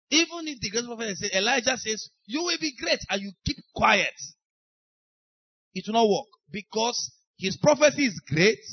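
A man's voice: sits high, no echo, lo-fi sound. A man with a Nigerian accent preaching a sermon as pastor, emphatic and acting out the voices of people he quotes. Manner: emphatic, acts out quoted speakers.

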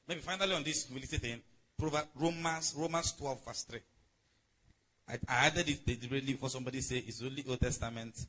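A man's voice: medium pitch, fairly bright tone, husky, rough recording. A man preaching a sermon in a conversational way, calling on the congregation to respond. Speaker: pastor.

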